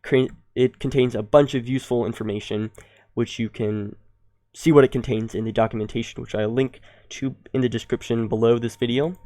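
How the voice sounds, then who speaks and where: A young man hosting a coding tutorial, explaining step by step and thinking aloud, with ums and quick self-corrections. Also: medium pitch, steady tone, mellow, no room sound. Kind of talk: screen-recorded coding tutorial.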